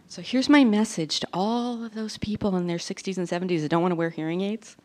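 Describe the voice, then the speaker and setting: A woman in her forties performing a self-deprecating stand-up comedy routine, telling stories with animated delivery. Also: mid-range voice, brisk. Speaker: stand-up comic.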